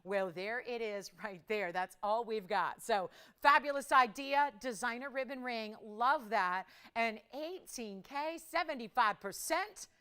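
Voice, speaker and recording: A woman hosting a live TV jewelry shopping show. She gives an upbeat, chatty sales pitch and keeps it moving. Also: expressive, a little slow, hardly any pauses, a bit bright, clean tone. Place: TV studio.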